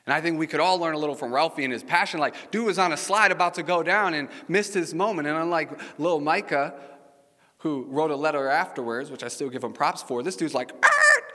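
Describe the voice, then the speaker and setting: A man's voice: on the high side, brisk, bright, forceful tone. A man preaching a casual, chatty sermon, telling stories and asking the congregation questions. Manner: storytelling, chatty, asks the audience questions. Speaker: pastor. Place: church sanctuary with congregation. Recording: long reverb of a large hall.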